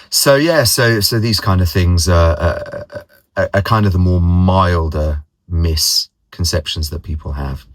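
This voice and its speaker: Casual vlogger: man, very low voice, dry close sound, rambling anecdotes. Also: no echo. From London, England. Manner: rambling, repeats words, mimics others' voices in anecdotes. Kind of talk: casual personal storytelling.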